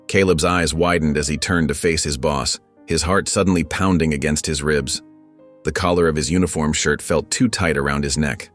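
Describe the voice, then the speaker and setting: A man narrating a scripted story in a solemn, even manner. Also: rumbling low.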